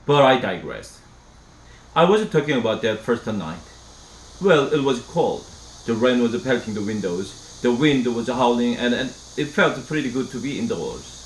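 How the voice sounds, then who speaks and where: A man's voice: mid-range voice, moderate pace. Man reading a storybook aloud. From Korea. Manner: steady storybook reading with small restarts. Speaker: English teacher. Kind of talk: reading a novel aloud for shadowing practice. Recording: echoey room, faint hiss.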